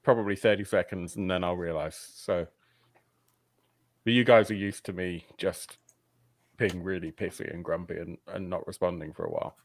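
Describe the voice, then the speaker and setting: Low-voiced man, casual player chat. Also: steady tone, moderate pace, no room sound. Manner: chatty, explains his character's reactions. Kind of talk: casual tabletop play.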